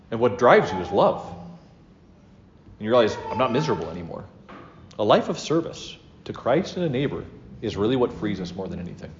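A man giving an earnest, conversational religious teaching talk to a class, with asides and self-corrections. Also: on the low side. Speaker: teacher of a class on spiritual life. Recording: roomy, dull lo-fi room recording.

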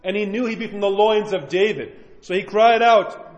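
A man's voice: high voice, moderate pace. A male priest preaching a sermon in a conversational, emphatic way, acting out the voices he quotes. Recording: echoey hall, long reverb.

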